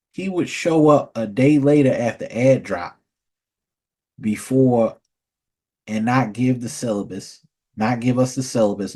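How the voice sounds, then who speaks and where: A man's voice: medium pitch, darkish tone, husky. Rambling, profane man telling stories. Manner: rambling, profane, repeats words. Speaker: vlogger. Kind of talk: casual storytelling rant.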